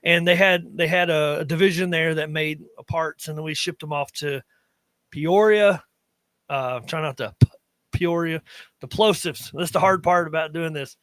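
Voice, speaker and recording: A man's voice: a little high, fairly even intonation, moderate pace, fairly bright tone, no room sound. A man in his thirties with an Appalachian accent, co-hosting a podcast and telling rambling stories in casual chat, often breaking off mid-sentence. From Appalachia, western North Carolina. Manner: rambling, self-interrupting storyteller. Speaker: podcast co-host.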